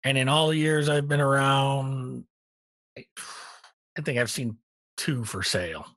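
A middle-aged man co-hosting a casual hobby podcast, relaxed and rambling with many ums, a little tired. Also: mid-range voice, a little slow, dry recording. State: tired, yawning. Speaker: podcast co-host. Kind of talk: casual hobby news chat.

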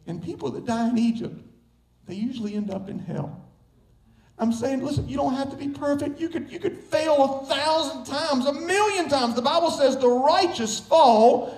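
Man, pastor, very high voice, emphatic sermon, rising to shouts, echoey church. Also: normal speed. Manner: emphatic preaching that builds to shouts. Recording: echoey room.

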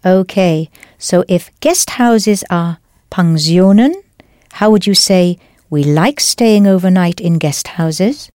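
A woman teaching a language lesson in a clear, patient, encouraging scripted voice. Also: fairly low pitch, slow, mellow, no echo, studio quality.

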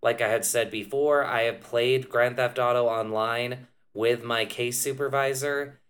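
A man hosting a casual podcast, explaining points in a measured way with frequent ums and uhs. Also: medium pitch, steady tone, a bit bright. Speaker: podcast host.

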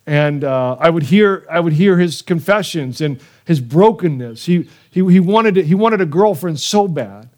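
Earnest higher-voiced male pastor preaching. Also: animated, normal speed, hardly any pauses, darkish tone. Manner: earnest, emotional storytelling with repeated phrases. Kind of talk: sermon.

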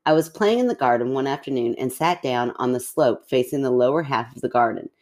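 A woman co-hosting a podcast, chatting casually and reading listener stories aloud, animated and quick to laugh and gasp. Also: very deep voice. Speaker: podcast co-host.

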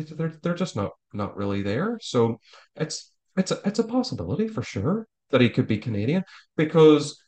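A man talking as a guest in a casual interview, rambling with frequent stammered restarts. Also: medium pitch. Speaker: author guest.

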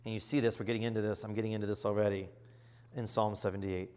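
A middle-aged man, a bishop, teaching in an earnest, emphatic sermon style that surges to loud exclamations. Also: on the low side, level tone, fast. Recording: long reverb of a large hall.

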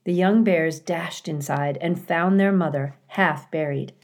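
Woman teacher, unhurried read-aloud, deep-ish calm tone. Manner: calm, clear storytelling with occasional dramatic emphasis. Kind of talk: reading a children's novel aloud.

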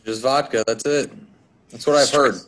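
A man co-hosting a podcast in relaxed, matter-of-fact chat. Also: mid-range voice, normal speed. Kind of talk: casual chat.

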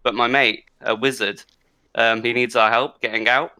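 A man's voice: medium pitch, fairly even intonation, normal speed, sharp tone, clean tone, dry recording. A man voicing a short, touchy male dwarf who talks in a breathless, fussy way. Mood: flustered.

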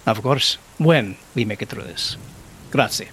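Man playing an fighter for a tabletop game, bold in the rally, hesitant up close, with soft rain behind. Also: lowish voice, lively intonation, unhurried, slight background noise. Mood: earnest. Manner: bold rallying yells, then hesitant, earnest asides. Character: male Italian-tinged warrior rallying troops.

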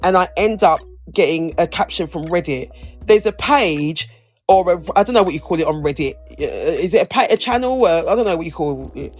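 A woman's voice: fairly low pitch, animated, a little fast, faint music behind. A woman co-hosting a podcast, chatting casually and rambling, with lots of restarts. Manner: rambling, restarts sentences, playful. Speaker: podcast co-host. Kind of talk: casual chat.

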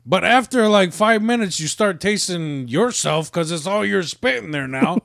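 High, lively, gravelly man. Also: moderate pace, no room sound, studio quality. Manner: laughing, loud, swearing, acts out mock quotes. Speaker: podcast co-host. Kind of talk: crude casual banter.

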